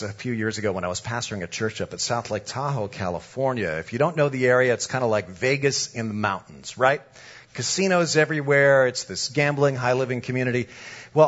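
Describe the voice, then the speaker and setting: A male pastor telling a lively, comic story during a sermon. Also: medium pitch, highs cut off.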